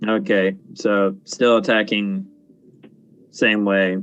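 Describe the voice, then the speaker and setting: A man's voice: lowish voice, flat delivery, takes it slowly, a bit bright, clear, resonant tone, lo-fi sound. A man playing a tabletop game, matter-of-fact with dry humor. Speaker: player.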